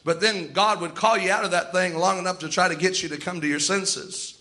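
Preaching man with a very high, bright voice. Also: steady tone, fairly quick, low-quality recording. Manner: vivid storytelling preaching, retells scripture and anecdotes. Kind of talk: sermon.

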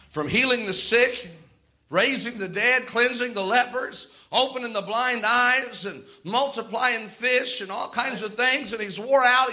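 A man's voice: extremely high pitch, bright, forceful tone, low-quality recording. A man preaching a sermon, retelling scripture and stories in a vivid storytelling manner.

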